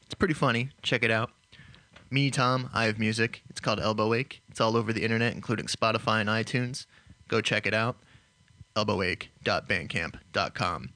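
A man, a podcast co-host, reading the show's outro announcements in a measured, upbeat way. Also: lowish voice, pushed and bright.

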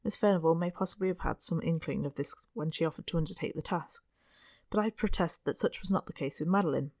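An audiobook narrator giving an even, measured reading of a period novel. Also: mid-range voice, no echo, studio quality. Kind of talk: scripted narration of a Victorian novel.

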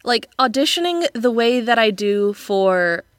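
A woman's voice: fairly high pitch, expressive, unhurried, dry recording. A woman voice actor speaks candidly and pokes fun at herself. Her tone is casual and giggly. The sound is close and dry. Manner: candid, self-deprecating, giggly. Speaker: voice actor guest. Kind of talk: casual chat.

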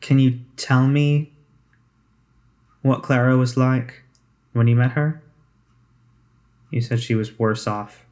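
A man's voice: mid-range voice, fairly even intonation, slow, pauses often, darkish tone, lightly acted. A man voicing a suspicious, protective middle-aged mother with a slight Australian accent, speaking bluntly and warily. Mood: wary. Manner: blunt, wary, questioning.

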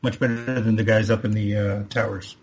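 Husky-voiced man co-hosting a podcast. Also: on the low side, level tone, fairly quick, darkish tone. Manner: rambling, many restarts and laughs. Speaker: podcast co-host. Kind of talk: casual podcast chat.

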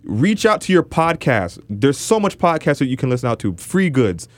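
A man co-hosting a podcast, talking with heated passion and stumbling restarts. His voice sits at a middling pitch and sounds close and dry, with no room around it. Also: big pitch swings, moderate pace, no room sound. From Toronto, Canada. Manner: passionate ranting, frequent restarts. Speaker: podcast co-host. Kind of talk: casual podcast chat.

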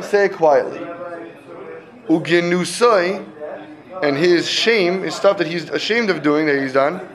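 A man teaching a classroom Talmud lesson, explaining step by step and checking in with students often. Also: fairly high pitch.

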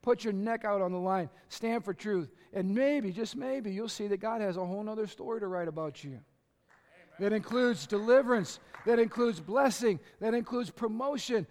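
Male pastor, impassioned sermon, very high voice, echoey church hall. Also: normal speed. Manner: impassioned, building to shouts. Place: church sanctuary.

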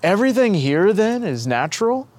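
A humble old priest, hushed with wonder and full of questions, as a man reads him in a spoken storybook. His voice climbs high and lively as he asks, timid and amazed. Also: normal speed. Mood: awed.

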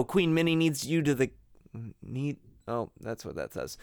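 A man's voice: mid-range voice, normal speed, smooth, no room sound, clean studio sound. A man co-hosting a podcast, casually recapping a video game's story and reading out characters' lines with comic asides. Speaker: podcast co-host.

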